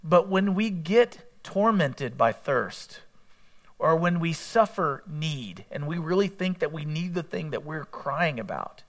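Guy preaching a sermon, kinda high voice, chatty, tosses questions at the crowd. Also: animated, takes it slowly. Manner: conversational preaching with rhetorical questions and acted quotes. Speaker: pastor.

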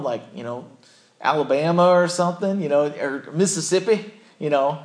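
A man's voice: on the high side, moderate pace, a little mellow. A man giving a conversational sermon, acting out quotes from the story and his own life. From southern United States. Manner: conversational, acts out quotes in character voices. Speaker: preacher.

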